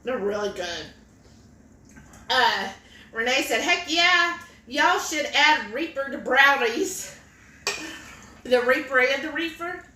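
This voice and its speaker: A woman's voice: high-pitched, animated, takes it slowly, long pauses, pushed and bright, a little hiss or hum. A woman, co-hosting a cooking livestream and reading viewer comments aloud in a chatty, giggly way. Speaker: cooking stream co-host. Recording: echoey kitchen room.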